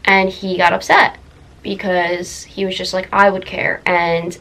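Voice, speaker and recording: Emotional young woman, halting and tearful. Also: lowish voice, level tone, bright, forceful tone, low-quality recording. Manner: emotional, halting, many fillers. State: close to tears. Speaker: vlogger. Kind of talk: personal confessional vlog.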